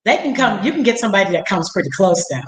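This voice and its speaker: A woman's voice: mid-range voice, expressive, fast talker. A woman in her fifties hosting a casual conversation, telling stories animatedly and acting out the dialogue. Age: 50s. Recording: echoey room.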